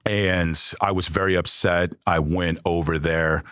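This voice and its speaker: A man's voice: low voice, steady tone, a little slow, pushed and bright, clear, resonant tone, dry recording, studio quality. An American man, a podcast guest, candidly telling a personal story with blunt, frequently profane language. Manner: blunt, heavy swearing.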